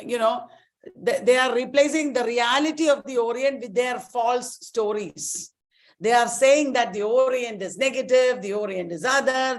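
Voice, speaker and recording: A middle-aged woman runs an exam-prep lecture in a slightly high voice. She is emphatic and repeats key terms slowly so they stick. Her tone is that of a teacher drilling a class.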